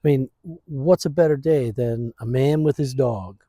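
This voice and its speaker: A man vlogging casually outdoors in his backyard, talking slowly into a phone on a stand, rambling and laid-back, saying "man" and "dude" a lot. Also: mid-range voice, dark tone, slightly rough, dry recording, studio quality. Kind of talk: casual vlog chat.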